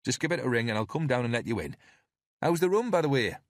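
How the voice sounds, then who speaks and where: A man's voice: medium pitch, very animated, quick pace, no echo, studio quality, voice pushed up. A man reading an audiobook, voicing a friendly male pub landlord who chats in an obliging way.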